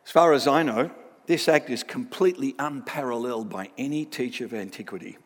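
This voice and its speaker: An academic man gives a lively Bible lecture and keeps checking in with tag questions. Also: medium pitch, brisk, long reverb tail. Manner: animated, with frequent tag questions.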